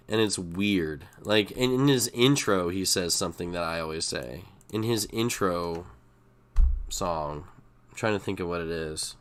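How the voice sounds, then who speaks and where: A middle-aged man streams poker live, chatting casually and profanely as he rambles and gets worked up. His voice is deep and his pace a little slow.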